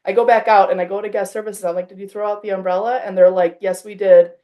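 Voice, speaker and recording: A woman in her thirties hosts a podcast in a casual, fast-talking way, her voice at an ordinary middle pitch. She tells an anecdote animatedly, acting out both sides of the conversation and saying "like" a lot.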